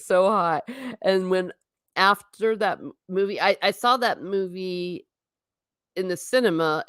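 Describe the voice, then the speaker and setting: Low-pitched American woman host, chatty livestream rambler, dry close sound. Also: a bit bright, smooth, no echo. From United States. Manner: chatty, rambling, laughs often, reads viewer comments aloud. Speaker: livestream host reading chat. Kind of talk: casual livestream chat.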